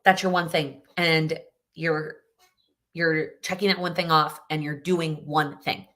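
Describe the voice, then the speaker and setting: A young woman answers viewer questions on a live stream in a chatty, encouraging way, often circling back and restarting mid-sentence. Her voice sits low yet has a bright, forceful edge. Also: fairly even intonation, measured pace. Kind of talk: live Q&A, casual advice.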